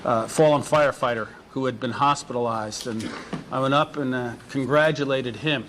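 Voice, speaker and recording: A man speaking to the press as a politician, halting with many fillers. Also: mid-range voice, a bit bright, a little hiss or hum. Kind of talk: press remarks.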